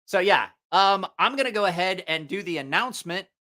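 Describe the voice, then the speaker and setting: A man's voice: high-pitched, animated, fairly quick, sharp tone. A man hosting a live stream, telling a rambling, profane story in a casual way and laughing at his own jokes.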